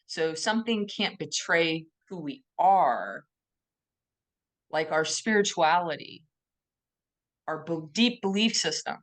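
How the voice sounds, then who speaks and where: A woman co-hosting a podcast, speaking in a thoughtful, gently emphatic way and often posing questions to herself. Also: on the low side, lively intonation, slow pace, pauses often. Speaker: podcast co-host. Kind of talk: reflective conversational podcast talk.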